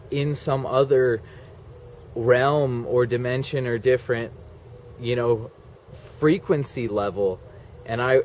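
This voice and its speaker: A vlogger with a mid-range voice tells a personal story, rambling and peppering it with "like" and "okay?" asides. There's slight background noise.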